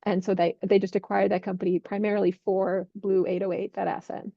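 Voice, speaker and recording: A woman working as a healthcare investment analyst, clearly and methodically explaining drug industry developments. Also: mid-range voice, little pitch movement, fairly quick, no room sound, highs cut off.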